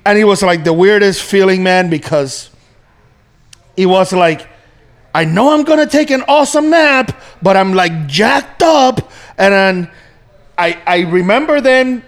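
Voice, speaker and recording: A man chatting casually, relaxed and easygoing as he tells a story. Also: high voice, measured pace. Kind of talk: casual chat.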